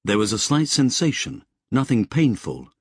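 A man narrating an audiobook in a measured, expressive storytelling manner. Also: medium pitch, husky, dry recording, studio quality. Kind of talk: scripted narration.

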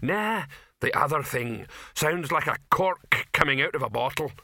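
A man voicing a gruff male troll, a film extra, talking bluntly and grumbling. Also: a little high, lively intonation, unhurried, pushed and bright, no echo, clean studio sound, voice pushed up, exaggerated voice. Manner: blunt, plain-spoken, grumbling.

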